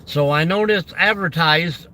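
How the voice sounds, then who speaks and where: A man's voice: fairly high pitch, measured pace, sharp tone, slight background noise. A man hosting a casual livestream about camping, rambling along and greeting viewers by name. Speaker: camping channel host.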